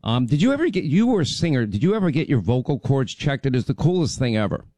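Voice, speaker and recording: A man's voice: medium pitch, big pitch swings, fast talker, warm tone, no echo. A man hosting a talk radio show, rambling and chatty, getting over laryngitis. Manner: rambling, chatty, many fillers. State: recovering from laryngitis. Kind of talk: casual talk radio chat.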